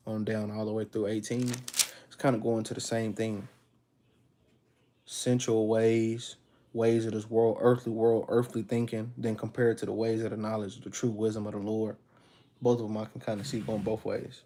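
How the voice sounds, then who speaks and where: Man, scripture teacher, warm dark tone, casual slangy talk, slow emphatic verse reading. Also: lowish voice, creaky, a little hiss or hum. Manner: laid-back slangy talk, calls listeners "man" and "sis". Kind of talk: casual Bible study teaching.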